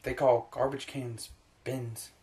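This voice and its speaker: A man's voice: medium pitch, flat delivery, mellow. American man in a profane sports rant. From United States. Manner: profane, heated, rapid-fire ranting. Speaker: sports vlogger. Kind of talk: ranting sports opinion vlog.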